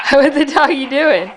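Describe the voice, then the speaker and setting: A mother talking to her toddler in sing-song baby talk, coaxing and gentle, filmed at home on a handheld camcorder. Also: high voice, gravelly, noisy background. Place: at home indoors.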